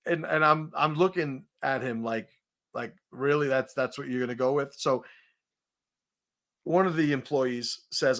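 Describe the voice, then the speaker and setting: A man host telling a profane confrontation story in a casual, animated way, laughing at his own punchlines. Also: medium pitch, measured pace.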